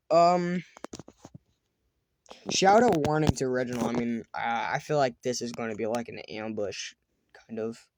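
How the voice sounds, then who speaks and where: A man's voice: medium pitch, no echo. A man hosting a let's-play, reading a text adventure aloud with casual chatty commentary, often stumbling over words and restarting. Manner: stumbling reads, restarts and fillers.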